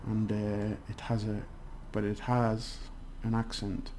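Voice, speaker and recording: A man's voice: lowish voice, completely flat delivery, takes it slowly, darkish tone, a little hiss or hum. A man giving a casual language lesson, chatty and rambling with many restarts. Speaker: language teacher.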